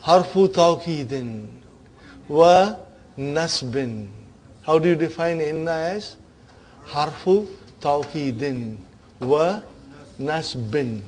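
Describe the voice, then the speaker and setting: A man leads a grammar class at an unhurried pace. His voice sits somewhat high, and he keeps turning to the students with short repeated questions. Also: a little mellow. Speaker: Arabic grammar teacher.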